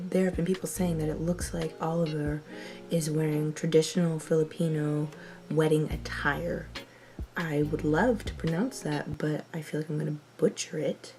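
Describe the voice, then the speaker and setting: A young woman chats through her reaction to a TV episode in a loose, expressive way, her voice sitting a little low for a woman. She laughs and sighs freely between thoughts. Faint music plays softly underneath. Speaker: TV reaction vlogger. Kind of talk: casual reaction commentary.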